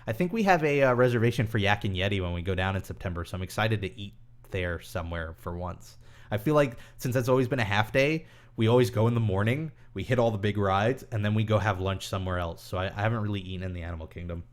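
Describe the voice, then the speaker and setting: Speaking in a lowish voice, a young streamer reads out questions from viewers during a relaxed live stream and responds with meandering, talkative answers packed with pauses and filler words.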